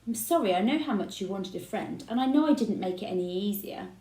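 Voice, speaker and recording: A woman's voice: mid-range voice, expressive, fairly quick, warm tone, natural voice. A woman reading aloud and voicing a short-tempered father who barks stern orders. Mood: gentle. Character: short-tempered billionaire dad. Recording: roomy echo.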